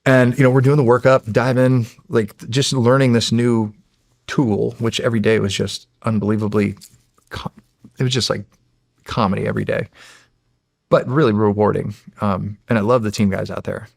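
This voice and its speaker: A man's voice: on the low side, level tone, moderate pace, vocal fry, darkish tone, dry recording. An American man in his forties, a show guest, telling stories casually and animatedly, acting out dialogue and laughing often. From United States. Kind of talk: casual storytelling.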